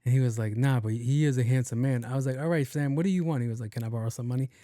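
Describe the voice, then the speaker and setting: Mellow-voiced man telling a profane story. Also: medium pitch, steady tone, very fast, no room sound, studio quality. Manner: profane, rambling, acts out both sides of conversations. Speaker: podcast host. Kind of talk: casual storytelling monologue.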